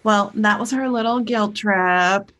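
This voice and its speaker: A woman chatting casually to her viewers over a webcam, telling a family story. She talks the way people do in everyday conversation, full of "you know" and "like". Her pitch sits in the ordinary middle range. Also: unhurried, fairly bright tone. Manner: chatty, storytelling with lots of fillers. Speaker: spiritual teacher and life coach. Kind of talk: casual livestream talk.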